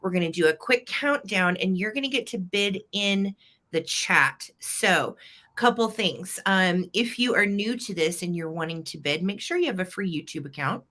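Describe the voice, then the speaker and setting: A woman's voice: fairly low pitch, expressive, moderate pace, sharp tone. A woman hosting a live vintage sale stream, chatting casually and greeting viewers by name.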